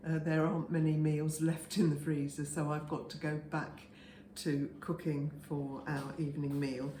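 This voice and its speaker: An older woman in her seventies talks through a home recipe in a low, mellow voice, taking her time with little fillers along the way. Her kitchen gives the sound a roomy echo, with a faint hum of ambience behind her. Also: level tone. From England. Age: 70s. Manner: chatty, homely, unhurried with fillers. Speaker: home cook, channel host. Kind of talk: casual cooking demonstration.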